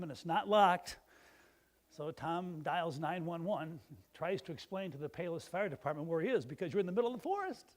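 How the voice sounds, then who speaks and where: A man delivers a sermon in a church in a slightly higher voice than most men. He talks like he is chatting with the congregation and tells his stories plainly. At times he rises into emphatic, ringing calls. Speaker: pastor. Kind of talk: sermon with storytelling.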